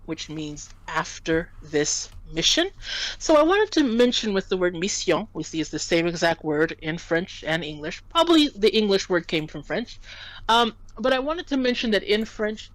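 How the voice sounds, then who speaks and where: A woman's voice: medium pitch, very animated, normal speed, dry recording, poor audio. A woman tutoring French in a casual lesson, patiently explaining and spelling out words.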